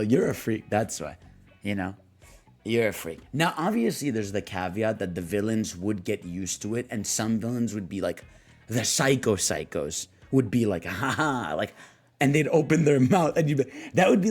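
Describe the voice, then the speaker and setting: A man's voice: on the low side, expressive, normal speed, a little mellow, soft background music. A young man streaming live, rambling in slangy, laughing casual chat as he reads out chat prompts. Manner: rambling, laughing, slangy, voices quoted characters.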